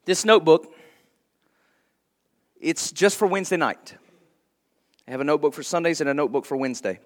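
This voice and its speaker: A man's voice: fairly high pitch, animated, a little fast. A man preaching a sermon to his church in a conversational way, laughing lightly now and then. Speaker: pastor.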